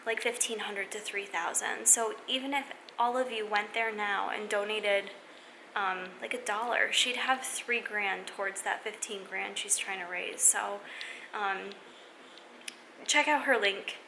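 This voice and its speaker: A young adult woman vlogging to camera, speaking in an earnest, halting way with many restarts. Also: medium pitch, noisy background. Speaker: fitness vlogger. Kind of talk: casual vlog talk to camera.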